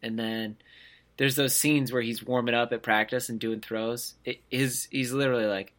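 Chatting about college football on a podcast, a co-host speaks at a moderate pace in a mid-range voice. He keeps things animated and imitates players with different voices.

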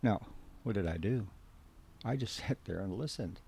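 A man's voice: fairly low pitch, animated, normal speed, vocal fry, warm tone, a little hiss or hum. A man giving a spoken teaching talk on counseling, earnest and direct, repeating key points for emphasis. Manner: gives direct instructions to the listener. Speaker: biblical counseling instructor.

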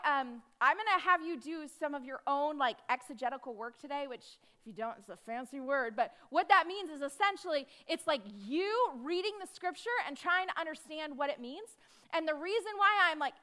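A woman preaching a sermon in a conversational, emphatic way, with dramatic pauses on key words. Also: sits high, sharp tone.

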